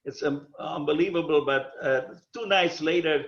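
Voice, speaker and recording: Halting older man telling his story. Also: on the high side, echoey room, lo-fi sound. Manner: halting, repeats words and restarts often. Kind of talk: personal storytelling talk.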